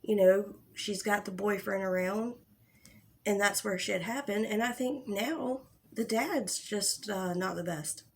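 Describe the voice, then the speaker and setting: A woman's voice: mid-range voice, measured pace, a little hiss or hum. A young woman hosting a casual livestream about online drama, talking bluntly with plenty of swearing and restarts. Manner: blunt and profane, with frequent restarts. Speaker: drama commentary host.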